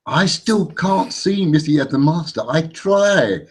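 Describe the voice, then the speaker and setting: A man in casual fan chat, giving measured opinions with hesitant restarts. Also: a little high, lively intonation, a little hiss or hum.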